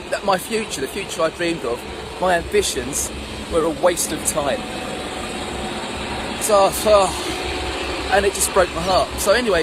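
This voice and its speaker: A middle-aged man with a high-pitched voice delivers a storytelling monologue about his own life outdoors at sunrise. Traffic and street noise fill the background as he animatedly performs the voices of the people he describes.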